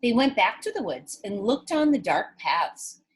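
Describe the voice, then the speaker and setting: A woman's voice: mid-range voice, unhurried, husky. A woman teacher reading a picture book aloud to children, stopping to ask them questions. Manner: animated, asks children questions.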